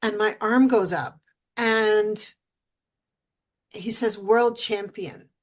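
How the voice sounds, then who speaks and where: A woman speaking as a guest in an interview, telling a personal story with animated energy. She acts out what she and others said along the way. An emotional edge runs through her telling. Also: medium pitch, extremely slow.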